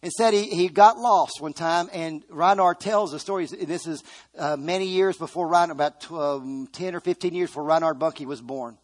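A man's voice: fairly high pitch, normal speed. A man preaching a sermon, earnestly retelling a story with quoted dialogue.

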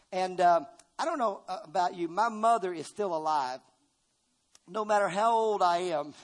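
A middle-aged man preaching a sermon in a notably high voice. He is emphatic, jumping from loud, ringing lines down to hushed asides, and keeps calling on the congregation to answer back. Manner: calls on the congregation to respond.

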